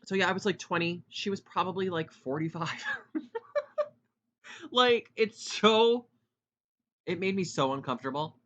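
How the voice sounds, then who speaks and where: Fast, loud, bright-voiced young man. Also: sits high, muffled recording. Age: 20s. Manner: talks fast and loud, rambling asides. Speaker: podcast host. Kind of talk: casual solo podcast chat.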